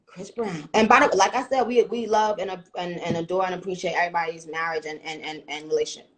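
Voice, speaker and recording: A woman's voice: lowish voice, steady tone, fast talker. A woman hosting a casual live-stream chat, brash and profane, teasing her guest and hurrying her along.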